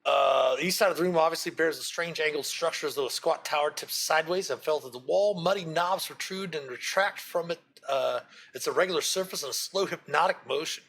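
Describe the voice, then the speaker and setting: A man's voice: a little high, brisk, gravelly, few pauses, a bit bright. A man narrating as game master in a loose style full of fillers.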